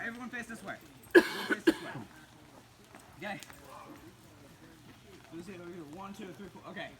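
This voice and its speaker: A man announcing and acting in campfire skits, giving orders with stumbling repetitions. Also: high voice. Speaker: skit announcer and performer. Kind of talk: campfire skit. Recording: noisy outdoor recording.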